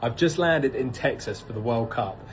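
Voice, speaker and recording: A man's voice: medium pitch, moderate pace, slight background noise, rough recording. A man from England, chatting to camera in an exasperated, casual way. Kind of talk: casual travel vlog.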